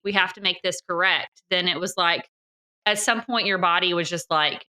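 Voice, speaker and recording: Woman, podcast host, affirming, engaged, bright voice. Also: lowish voice, normal speed. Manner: engaged, affirming, reflects back the guest's words. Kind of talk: interview conversation.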